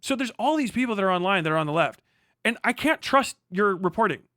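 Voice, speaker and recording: A man's voice: high-pitched, animated, quick pace, sharp tone, no echo, studio quality. A man streaming live, ranting angrily with heavy profanity and sarcasm as he reacts to an article.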